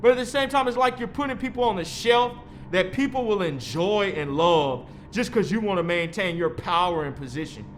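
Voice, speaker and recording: A man's voice: high voice, animated, normal speed, fairly bright tone, slight background noise. A man in his thirties delivering a rambling, heated monologue, swearing freely as he lectures. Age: 30s. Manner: heated, profane, preachy. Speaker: vlogger.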